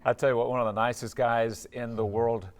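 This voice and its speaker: A man's voice: mid-range voice, flat delivery, a little fast, slight background noise. A man anchoring the news, chatting loosely about a local story with fillers. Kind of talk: casual anchor chat.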